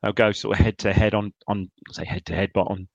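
A man's voice: fairly low pitch, steady tone, a little fast, gravelly, dry recording, muffled recording. A man co-hosting a casual football chat, enthusiastic but hesitant, with many ums. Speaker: podcast co-host.

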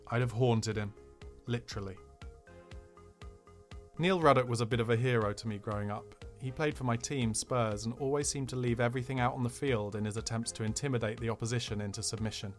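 A man reading a memoir aloud on a podcast, in a dry, cheeky storytelling way. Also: medium pitch. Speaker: podcast narrator.

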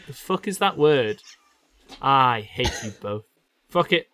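A man's voice: lowish voice, unhurried, fairly bright tone. A man with a nasal Geordie accent chatting on a podcast and reading aloud, self-deprecating and swearing when he stumbles over words. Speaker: podcast co-host. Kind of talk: casual chat with stumbling read-aloud.

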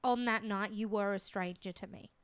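A woman co-hosting a podcast in casual chat, relaxed and agreeable, with many yeahs and fillers. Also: mid-range voice, moderate pace, smooth, dry recording.

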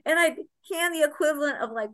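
A woman in her sixties tells a long anecdote as an interview guest, her voice high-pitched and ringing bright. She laughs often and drops casual swear words as she talks. Her telling is animated and unfiltered. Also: quick pace. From Connecticut, USA. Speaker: guest, former cycling soigneur.

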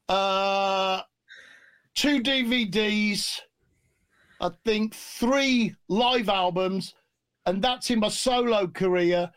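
A man telling stories in a casual interview, animated and jokey, swearing freely. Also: high voice, clean tone, dry recording. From England. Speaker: guest musician.

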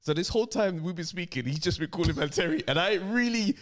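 Male podcast co-host, expressive and lively, slightly high voice. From Jamaican heritage. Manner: chatty, expressive, quick reactions. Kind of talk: casual storytelling chat.

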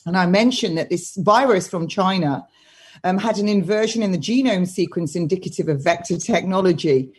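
Woman with a breathy voice. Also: on the low side, normal speed. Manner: animated, talkative storytelling. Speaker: guest. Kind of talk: casual interview chat.

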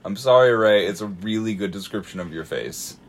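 A man's voice: lowish voice, fairly quick. A man co-hosting a podcast, giving short wry reactions and laughing along in casual chat. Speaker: podcast co-host.

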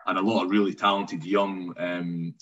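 A man with a very low voice tells rugby stories in a loose, rambling way, full of ums and restarts. His audio is muffled and lo-fi, like a remote call line. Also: level tone, moderate pace, a bit bright. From Scotland. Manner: chatty storyteller, frequent ums and restarts. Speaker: rugby commentator guest. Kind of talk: casual podcast chat.

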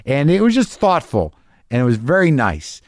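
A middle-aged podcast host reads listener emails aloud at a normal speed, his medium-pitched voice swooping wildly. He riffs loosely and profanely, rambling with lots of restarts, in a dry, clean studio recording with no echo.

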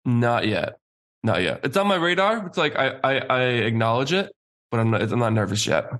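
Easygoing guy co-hosting sports talk, middle pitch, firm opinions. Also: expressive, fairly quick, fairly bright tone. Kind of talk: casual hockey chat.

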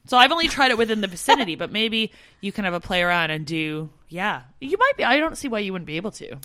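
A woman's voice: mid-range voice, animated, fast talker, pushed and bright. A woman co-host in casual chat, explaining tips in a loose way with many fillers. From not from the country she now lives in. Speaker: podcast co-host.

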